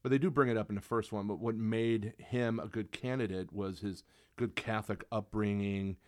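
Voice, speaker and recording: A man's voice: on the low side, fairly even intonation, moderate pace, a little mellow. A man co-hosting a podcast, chatting casually and enthusiastically with lots of restarts. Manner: rambling, enthusiastic, frequent restarts. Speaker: podcast co-host. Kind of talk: casual chat.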